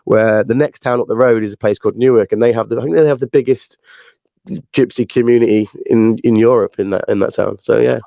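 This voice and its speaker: A man's voice: mid-range voice, fairly even intonation, a little fast, creaky, dry recording, dull audio. A man from England with a Northern English accent, a podcast guest who laughs easily and talks with many fillers. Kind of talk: casual interview chat.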